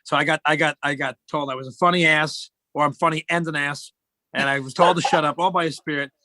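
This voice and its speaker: A man's voice: a little high, steady tone, fast, pushed and bright, no room sound. A middle-aged man, a guest in casual chat, telling rambling joking stories.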